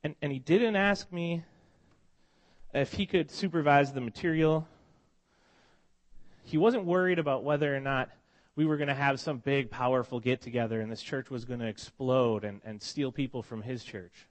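A male pastor with a cold preaching to his church. He tells stories in a loose, conversational way, restarting phrases often, his voice at a middle pitch. He sounds heartfelt and close to tears at times. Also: normal speed. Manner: conversational, emotional storytelling with frequent restarts. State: has a cold. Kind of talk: sermon. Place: church congregation meeting in a school.

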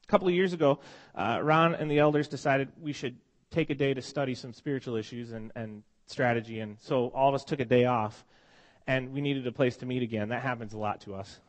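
Pastor with a cold, mid-pitched male voice, casual storytelling sermon with frequent restarts. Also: fairly even intonation, fairly quick. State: has a cold. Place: church congregation meeting in a school.

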